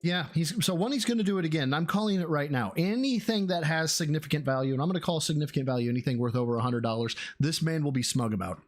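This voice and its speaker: A man's voice: fairly high pitch, expressive, quick pace, few pauses. Exasperated, swearing male clip-reaction host. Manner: exasperated, profane, stumbling restarts. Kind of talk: casual commentary over clips.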